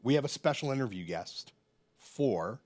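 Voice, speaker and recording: A man's voice: medium pitch, expressive, moderate pace, darkish tone, dry recording. A man co-hosting a culture podcast, chatting casually with wry, joking asides. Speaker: podcast co-host. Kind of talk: casual chat.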